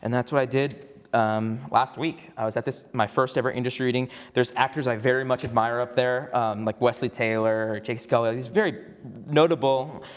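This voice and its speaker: A man's voice: medium pitch, steady tone, normal speed, hardly any pauses, clear, resonant tone. A young man in his twenties telling a story to a campus audience, chatty, with lots of fillers, restarts and laughs. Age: 20s. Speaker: alumnus guest actor. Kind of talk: casual storytelling on stage. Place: campus event in a large room before an audience. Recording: long hall reverb.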